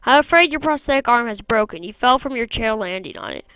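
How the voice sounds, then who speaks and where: Calm formal male doctor, read by a woman in a game; smooth clear voice. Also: fairly high pitch, fast, no echo, low-quality recording.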